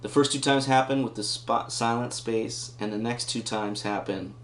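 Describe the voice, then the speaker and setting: A man's voice: mid-range voice, steady tone, normal speed. A man giving a casual guitar lesson, explaining rhythm and counting beats aloud as he thinks it through. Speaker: guitar teacher. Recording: roomy sound with loud guitar playing. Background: his own guitar playing.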